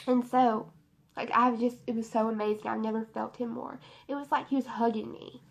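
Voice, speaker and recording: A woman's voice: fairly high pitch, little pitch movement, normal speed, creaky. A young woman telling a personal testimony story in a rambling, emotional way, full of fillers, in her bedroom. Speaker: beauty vlogger.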